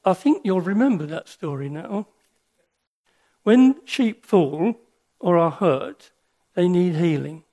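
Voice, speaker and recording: Slow, earnest older man preaching. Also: sits high, animated, mellow. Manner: slow, earnest and reflective, with pauses and restarts. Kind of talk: sermon with personal stories.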